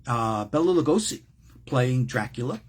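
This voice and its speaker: An older man, a rabbi, giving an informal religious class, animated and joking with frequent asides and a raspy voice. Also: mid-range voice, normal speed.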